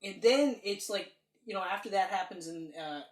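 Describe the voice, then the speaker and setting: A woman co-hosting a casual film review podcast, excitable and profane, acting out scenes as she goes. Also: mid-range voice, moderate pace. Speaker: podcast co-host. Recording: roomy, distant mic.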